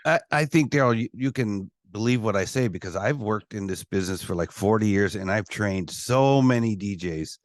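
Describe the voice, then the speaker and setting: A man hosting a casual radio interview, enthusiastic and expressive, often laughing. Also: lowish voice, moderate pace, hardly any pauses, no echo. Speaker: radio show host.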